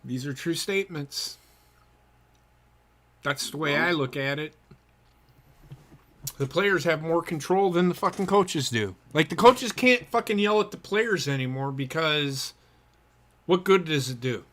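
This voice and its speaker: Podcast co-host, man, foul-mouthed and blunt, bright and animated delivery. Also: a little high, unhurried, long pauses. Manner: blunt, profane ranting. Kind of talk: casual sports talk.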